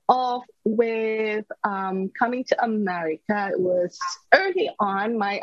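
A woman's voice: mid-range voice, dry recording. A woman in her thirties, a podcast guest, earnestly recounting a personal story in a dull lo-fi recording.

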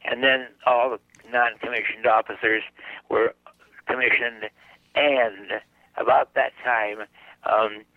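A man's voice: mid-range voice, fairly even intonation, slow, no room sound. An older man, a guest psychic, telling a long anecdote in a radio interview and acting out the dialogue as he goes. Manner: chatty anecdotal storyteller, acts out dialogue. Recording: dry, phone-like narrow line.

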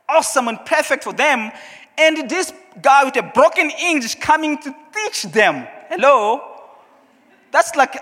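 A man whose first language is Portuguese, speaking English with a Portuguese accent, preaching a sermon and telling his story in an animated way. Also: extremely high pitch. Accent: Portuguese-speaking African. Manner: storytelling, animated, acts out his own past questions. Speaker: pastor. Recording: long hall reverb.

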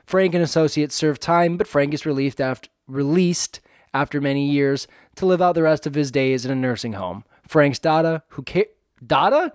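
A man's voice: a little high, normal speed, darkish tone, clear, resonant tone, no echo, studio quality. A man co-hosting a casual movie podcast, reading plot summaries with jokey asides. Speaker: podcast co-host. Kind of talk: casual movie review chat.

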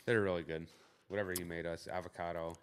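A man's voice: low voice, steady tone, fast, very noisy. A man co-hosting a casual podcast chat with laid-back, jokey banter.

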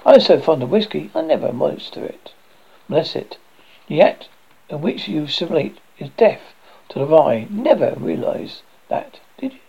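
A man voicing a calm, mocking male visitor who drops in at midnight and teases his host in a dry manner. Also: on the high side, moderate pace, creaky, slightly rough, exaggerated voice. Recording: dull lo-fi recording.

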